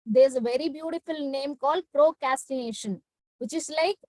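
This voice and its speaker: High-voiced woman telling a story to a class. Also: moderate pace, dry recording, poor audio. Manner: animated storytelling, acts out quoted characters; frequent "like" fillers. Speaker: teacher. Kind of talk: storytelling lesson to students on a video call. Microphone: video call.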